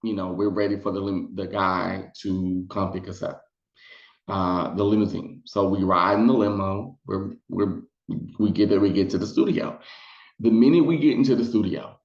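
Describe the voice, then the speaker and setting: A man telling a casual storytime to his viewers, chatty and animated, slipping into high put-on voices when quoting people. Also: normal speed, roomy sound, dull audio. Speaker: storytelling vlogger.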